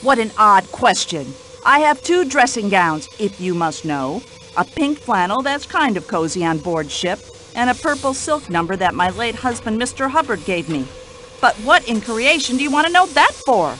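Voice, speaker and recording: A woman's voice: on the high side, sing-song, moderate pace, fairly bright tone, slight background noise, low-quality recording. A woman voicing a talkative, indignant older widow in a radio play, speaking. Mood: gossipy. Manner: indignant, chatty, complaining.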